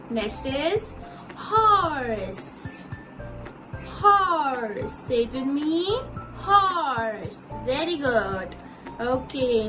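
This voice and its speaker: A woman teacher giving an online lesson to small children, slowly spelling out words letter by letter and having them repeat. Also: high-pitched, a bit bright, poor audio. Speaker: nursery school teacher.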